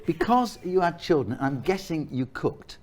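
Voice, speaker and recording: Fussy man with a lively voice. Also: a little high, moderate pace, crowd noise. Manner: fussy, joking, keeps saying "hang on". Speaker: cooking show host. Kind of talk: chatty live cooking segment. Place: outdoor park cooking setup.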